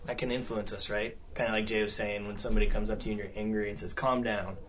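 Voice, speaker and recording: A man's voice: lowish voice, little pitch movement, rapid-fire, a little hiss or hum. A man speaking at a counseling seminar, talking conversationally and often checking in with the room. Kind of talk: seminar talk with audience discussion.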